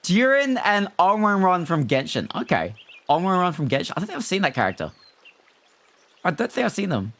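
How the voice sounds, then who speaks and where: With a high voice whose pitch swoops wildly, a non-American man talks a little fast in a slightly bright tone. He chats casually and energetically with his stream's viewers and reads their messages aloud.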